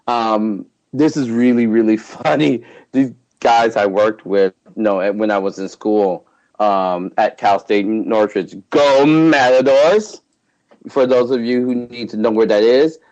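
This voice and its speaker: A man's voice: on the low side, a little mellow, rough recording. A man hosting a casual podcast chat, rambling with many restarts and frequent laughter. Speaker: podcast host.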